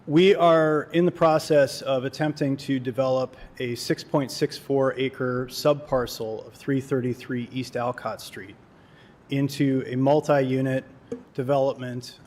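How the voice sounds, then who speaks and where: A man's voice: mid-range voice, steady tone, a little slow, a little mellow, a little hiss or hum. Male developer addressing a board, formal and plain, some fillers. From Kalamazoo, Michigan. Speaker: developer applicant. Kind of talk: public hearing testimony.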